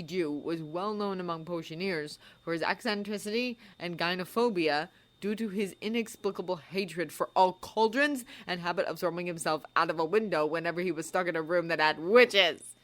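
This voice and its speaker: Bright-voiced woman narrating a story. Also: lowish voice, animated, normal speed. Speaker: fanfiction narrator. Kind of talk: audiobook narration.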